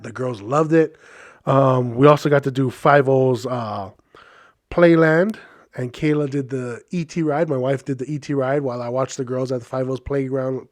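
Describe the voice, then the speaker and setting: A podcast host from Hawaii, a man in his thirties, tells a casual story at medium pitch. He's chatty and animated, using many fillers.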